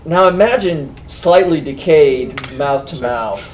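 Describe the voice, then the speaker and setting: A man who is a podcast host and game master, recapping a tabletop game session in lively, casual storytelling. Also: on the high side, slow pace, slight background noise. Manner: animated storytelling. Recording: dull lo-fi sound.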